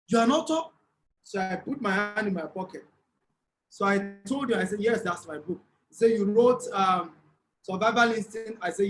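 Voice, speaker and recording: A Nigerian man giving a motivational talk at an online summit, telling a lively story and asking the audience to type replies. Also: sits high, slight background noise, rough recording. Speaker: speaker at an online business summit.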